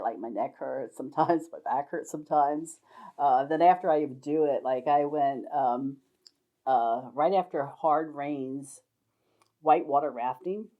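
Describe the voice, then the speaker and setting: An older woman recalls her adventures in a loose, rambling way, laughing easily as she goes. Her voice sits low, and the recording sounds dull and lo-fi. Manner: rambling, laughs often between anecdotes. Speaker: storyteller sharing life stories. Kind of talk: casual spoken memoir.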